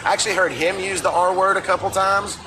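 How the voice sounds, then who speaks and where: A man's voice: sits high, steady tone, fast talker, background noise. A man with a Southern US accent telling stories in a casual livestream chat, talking through a phone. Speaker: former reality show contestant.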